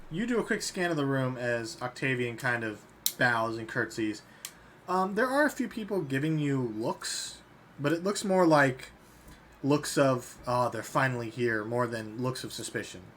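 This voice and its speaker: A man's voice: medium pitch, sing-song, a little slow, a bit bright, slight background noise. A man narrating as game master in a tabletop role-playing game, easygoing and describing scenes with small fillers.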